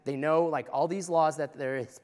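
A man's voice: a little high, fairly even intonation, normal speed, darkish tone. Impassioned male pastor in a reverberant church. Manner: impassioned, conversational preaching. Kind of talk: sermon.

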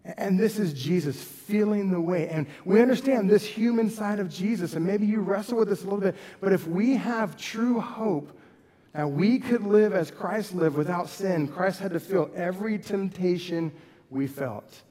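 A man's voice: high-pitched, normal speed, warm tone, in a large hall. A man preaching a sermon as pastor, earnest, rising and dropping his voice for emphasis. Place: church sanctuary.

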